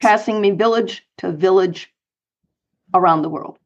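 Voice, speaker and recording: A woman's voice: mid-range voice, a little slow, muffled recording. Middle-aged woman telling stories. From United States, Colorado. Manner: animated anecdotes with light laughs. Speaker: guest, author and speaker. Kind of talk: storytelling interview.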